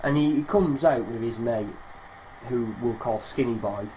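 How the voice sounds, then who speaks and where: A man's voice: mid-range voice, normal speed, warm tone. A young man, co-hosting a casual podcast and telling a rambling, laughing anecdote with lots of swearing. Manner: rambling, laughs through his own anecdote, swears freely. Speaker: podcast co-host. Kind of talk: casual chat, storytelling. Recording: noisy home recording.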